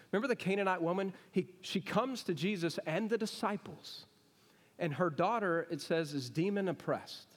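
A man preaching a sermon to a congregation, talking it through in a conversational way and often asking the people questions. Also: on the high side. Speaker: pastor. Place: church sanctuary. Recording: long reverb of a church hall.

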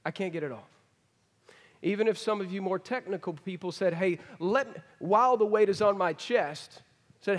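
A middle-aged man preaching a folksy sermon, swinging from emphatic to hushed. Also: sits high, normal speed. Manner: folksy, rising to emphatic then dropping to hushed. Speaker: pastor. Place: large church hall. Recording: long hall reverb. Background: congregation.

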